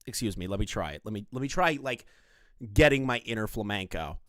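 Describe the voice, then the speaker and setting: A man's voice: fairly low pitch, expressive, brisk, no echo, studio quality. A man doing casual live-stream commentary on online drama, crude, profane and mocking in his delivery.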